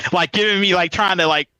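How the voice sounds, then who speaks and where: A man's voice: high-pitched, slight background noise, low-quality recording. A man in casual podcast chat, telling a story with lots of "like" and "um" and frequent laughter. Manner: animated, laughs often, fillers like "like" and "um". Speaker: podcast guest, pro wrestler.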